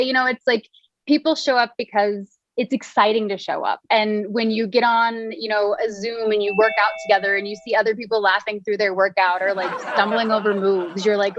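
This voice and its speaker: A woman's voice: medium pitch, normal speed, a bit bright, muffled recording. A woman in her thirties, a wellness coach, chatting in an interview, laughing often and using lots of fillers. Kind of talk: casual interview chat.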